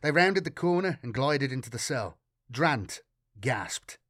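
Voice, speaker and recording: A man narrating a dark sci-fi horror audiobook in a measured way, slowing for grim detail. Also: medium pitch, expressive, no room sound, studio quality.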